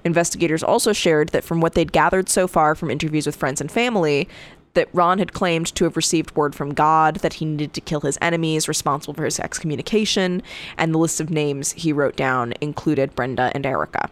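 A woman co-hosting a true crime podcast, reading case details in a casual way and breaking into profane, animated asides. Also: deep voice, fairly quick. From Connecticut. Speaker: podcast co-host.

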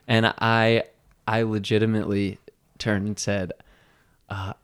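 A man's voice: lowish voice, clear, resonant tone. Chatty man telling a story. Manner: animated storyteller, halting restarts. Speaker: podcast co-host. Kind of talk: casual chat.

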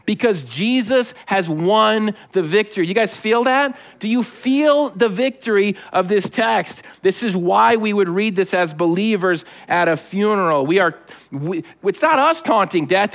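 Animated high-voiced male pastor preaching. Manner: animated, joking, preaching to a live congregation. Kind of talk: sermon.

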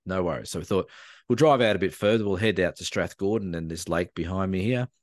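A man with an Australian accent, a podcast co-host telling a lively, animated story in casual chat. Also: sits low, fast, dry recording, clean studio sound.

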